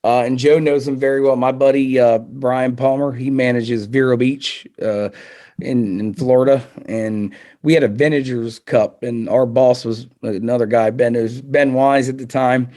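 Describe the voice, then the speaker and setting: A man, a target setter, telling a story in a relaxed, animated way and acting out quotes. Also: medium pitch, normal speed. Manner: animated, acts out quotes with laughs. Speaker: target setter, podcast guest. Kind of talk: casual storytelling.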